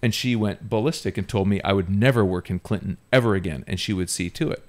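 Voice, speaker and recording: Low-voiced man telling a story. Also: quick pace. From Ontario, Canada. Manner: animated, self-mocking, laughs often while telling. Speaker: podcast host. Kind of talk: casual storytelling.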